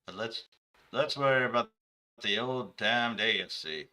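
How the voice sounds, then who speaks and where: A man's voice: mid-range voice, unhurried, pushed and bright. A man hosting a comedic sports talk show, rambling through his points with self-corrections. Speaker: show host.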